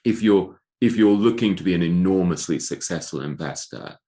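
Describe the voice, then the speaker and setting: A man's voice: sits low, animated, moderate pace, mellow. A man with an English accent, an author speaking as a podcast guest, thoughtful and self-deprecating, often repeating words as he thinks. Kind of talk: podcast interview.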